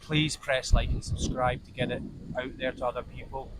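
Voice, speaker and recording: With a mid-range voice, level tone and normal pace, this Irish travel vlogger from Donegal talks loosely to camera at the beach. He rambles, swears and uses slang, and his clip-on mic picks up outdoor wind noise.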